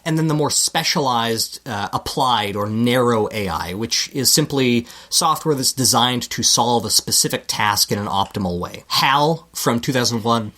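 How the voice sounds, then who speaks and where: A man's voice: medium pitch, animated, moderate pace, hardly any pauses, pushed and bright. A man with a Canadian accent, a podcast co-host reading a scripted segment with dry, self-deprecating asides.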